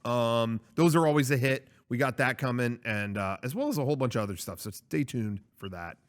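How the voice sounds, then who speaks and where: A man's voice: mid-range voice, brisk. A man co-hosting a casual chat show, rambling with lots of fillers and restarts. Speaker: podcast co-host.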